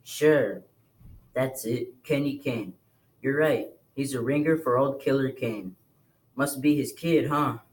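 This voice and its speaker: A man reading aloud, voicing a menacing tattooed tough guy with a slow, quiet, threatening delivery. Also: mid-range voice, natural voice. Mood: sly.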